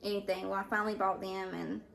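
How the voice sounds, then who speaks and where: A stay-at-home mom vlogging at home in casual chat, hesitant with many fillers and restarts, sounding overwhelmed and emotional. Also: female voice, medium pitch, level tone, quick pace, creaky, very noisy. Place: at home indoors. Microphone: camera mic.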